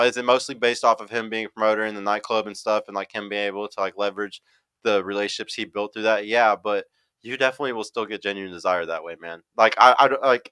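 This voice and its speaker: A man hosts a livestream and reacts bluntly to a clip, swearing freely as he reads chat comments aloud. His voice is bright and crisp, with a clean, dry sound close to the mic. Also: on the low side, dry recording, low-quality recording.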